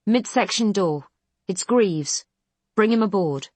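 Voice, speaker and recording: A woman's voice: mid-range voice, lively intonation, slow, a little mellow, dry recording, voice pushed up. A woman voicing a stern male army colonel who speaks in clipped commands.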